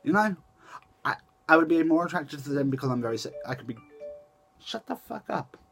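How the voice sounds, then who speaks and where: A man's voice: on the high side, quick pace, a bit bright, faint music behind. A young man chatting casually to camera in a rambling way, often restarting and correcting himself. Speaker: vlogger.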